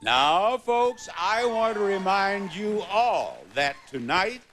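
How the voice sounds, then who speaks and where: A man's voice: high-pitched, sing-song. An older man hosting a TV game show in a studio, playful and teasing with contestants. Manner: playful, teasing, drawn-out delivery. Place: TV studio with live audience. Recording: loud studio audience and music.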